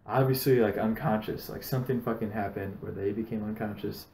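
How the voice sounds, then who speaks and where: A man's voice: fairly low pitch, brisk, roomy sound, rough recording. A man hosting a casual podcast, telling stories with plenty of swearing. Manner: swears a lot, animated storytelling. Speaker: podcast host.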